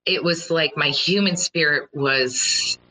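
Middle-aged woman, low and bright, earnest motivational speaker who acts out reactions in her stories. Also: slow, rough recording. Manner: earnest and storytelling, with animated quoted reactions. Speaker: speaker addressing listeners. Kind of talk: motivational talk.

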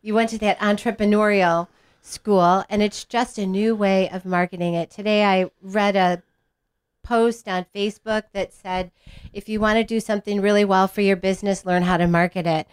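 A woman's voice: medium pitch, fairly even intonation, normal speed, clear, resonant tone, dry recording, studio quality. A woman hosting a casual conversation, agreeing readily and building on others' points.

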